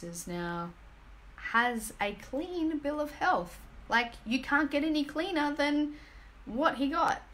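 A woman in her thirties talks straight to her phone camera at home, earnest and gushing, pausing on fillers as she searches for words. Her voice sits fairly low for a woman. A faint hum of the room stays under her. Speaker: energy healing business team member. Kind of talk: emotional personal testimonial vlog. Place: home, indoors.

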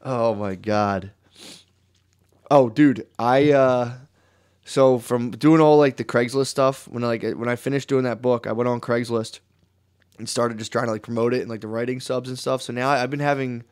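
A man's voice: mid-range voice, steady tone, normal speed, a little mellow, clean tone. Rambling, swearing young man telling a story. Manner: rambling, swearing storyteller who acts out quotes. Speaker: podcast co-host. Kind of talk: casual podcast chat.

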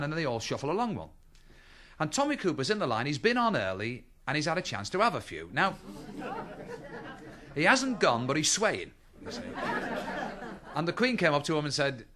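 A middle-aged man doing stand-up, telling chatty anecdotes on stage and acting out the people in them. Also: medium pitch. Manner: chatty anecdotes, acts out voices, lively. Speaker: stand-up comedian. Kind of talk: stand-up storytelling. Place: stage with live audience laughter.

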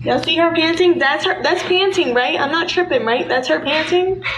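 A woman talks casually to her viewers, and her voice sits a little high. She chats and coos at her pregnant dog as she keeps checking its temperature. The phone recording is echoey, with loud background noise throughout. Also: normal speed. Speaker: livestreamer. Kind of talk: casual livestream chat.

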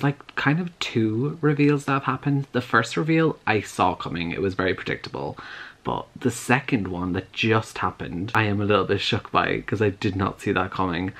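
A man chatting in a casual reading vlog, gushing and animated, with lots of "like" fillers, recorded on a camera at home. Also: lowish voice. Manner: gushing and animated, heavy use of "like". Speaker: book vlogger. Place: room at home, lights off at times.

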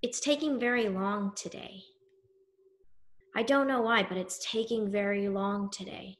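A woman telling a story in the first person, slow and grave with weighty pauses. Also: medium pitch, steady tone. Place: synagogue event.

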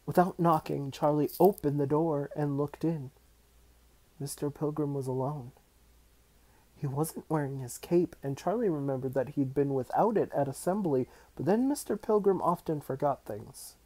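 A man reading a children's novel aloud in an unhurried, even storytelling manner. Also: a little high. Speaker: audiobook reader.

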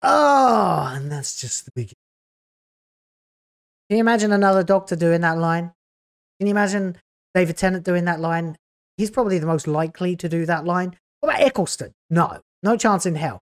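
A woman's voice: lowish voice, brisk. A woman hosting a video reaction, talking in a sarcastic, scathing way with exasperated groans. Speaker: YouTube reaction host.

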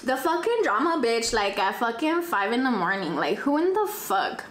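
A young woman, telling a dramatic storytime in casual chat, profane and animated, dropping in Spanish phrases. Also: on the high side, normal speed, slight background noise. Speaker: vlogger. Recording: echoey room, faint ambience.

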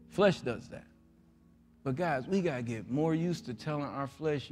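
A man preaching a folksy, joking sermon as pastor, acting out voices and rising into loud prayer. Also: a little high, lively intonation, normal speed, faint music behind. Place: large church sanctuary.

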